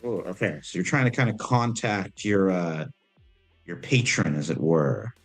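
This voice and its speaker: A man narrating as game master in a relaxed, hesitant way. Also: sits low, unhurried, faint music behind.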